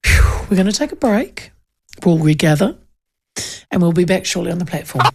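A woman radio host chatting casually and telling stories in an animated way. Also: on the low side, normal speed, heavy background noise. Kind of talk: casual chat.

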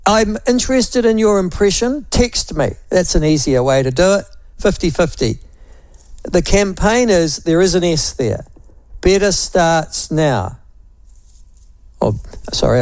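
A man's voice: fairly high pitch, a little mellow, dry recording. A man with a New Zealand accent hosting talk radio, musing aloud in a wry, opinionated way and toying with phrases.

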